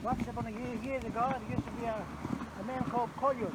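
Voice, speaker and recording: A soft-spoken local man who talks in short, halting bits with small laughs, recorded outdoors on a town street. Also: extremely high pitch, fairly even intonation. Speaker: local resident greeting the walker. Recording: distant from the mic, heavy street noise.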